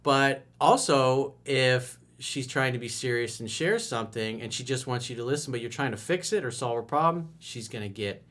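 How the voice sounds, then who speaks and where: A man's voice: animated, moderate pace, hardly any pauses. Emphatic man coaching on camera. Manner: casual and emphatic, with sudden rises in pitch and loudness. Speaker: dating coach. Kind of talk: coaching video monologue.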